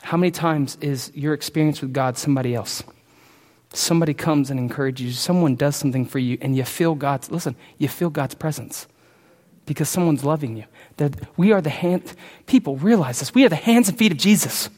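A pastor delivering a sermon, swinging between hushed and loud, emphatic passages. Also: male voice, fairly high pitch, brisk, long reverb tail.

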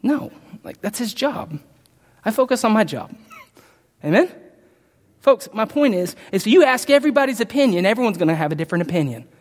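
A man preaching a sermon as pastor, emphatic, with loud outbursts and quiet asides. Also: high-pitched, very animated, a little fast, pauses often. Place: church sanctuary. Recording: long hall reverb.

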